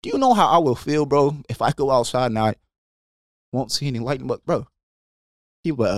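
A young adult man co-hosting a faith podcast, animated and preachy, calling his partner "bro" again and again. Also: medium pitch, brisk, long pauses, dry recording, studio quality. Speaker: podcast co-host. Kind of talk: passionate faith discussion.

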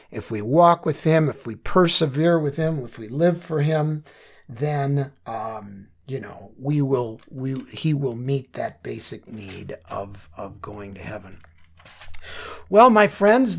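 A man leading a Bible study lesson, reading verses aloud and then explaining them in an earnest, halting way with many fillers. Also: medium pitch, creaky.

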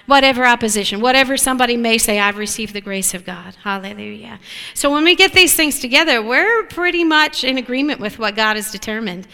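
Bright-voiced woman preaching in a reverberant hall. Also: on the high side, smooth. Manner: animated, affirming, asks the listeners for agreement. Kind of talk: sermon.

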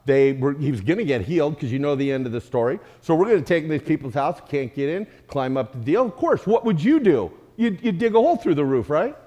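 Animated storytelling preacher, high voice. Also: male voice, fast talker, few pauses. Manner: animated, humorous, acts out voices. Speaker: guest speaker. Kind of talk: storytelling sermon. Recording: echoey hall.

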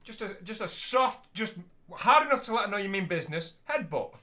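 A man's voice: high-pitched, sing-song, brisk, heavy background noise. A man co-hosting a comedy podcast, joking crudely and animatedly. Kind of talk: casual comedic chat.

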